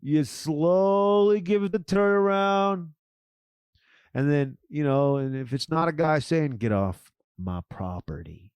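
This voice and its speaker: Profane riffing man, slightly high voice. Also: steady tone, slow, darkish tone, clean tone, no echo. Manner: loose, profane, riffing banter. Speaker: podcast co-host. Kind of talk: casual chat.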